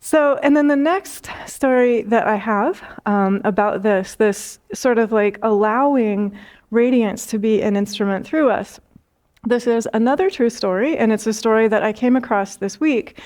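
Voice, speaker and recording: A woman spiritual teacher giving a talk, telling stories gently with light laughs and repeated phrases. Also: fairly high pitch, normal speed.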